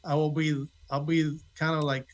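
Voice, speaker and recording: A man's voice: fairly high pitch, flat delivery, moderate pace, low-quality recording. A man, an actor guest on a podcast, talking casually and self-deprecatingly with little asides. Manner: self-deprecating, acts out quoted dialogue. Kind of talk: casual interview chat.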